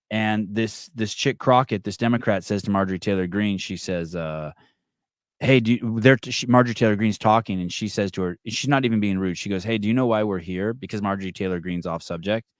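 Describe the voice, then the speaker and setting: Man, podcast host, casual chat, profane, animated, dry close sound. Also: fairly low pitch, no echo.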